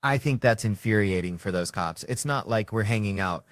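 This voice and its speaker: Male stand-up comic, low voice, dry close mic, animated storyteller. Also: moderate pace, few pauses, no room sound. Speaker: stand-up comedian. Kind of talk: stand-up comedy. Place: comedy stage. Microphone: handheld stage microphone.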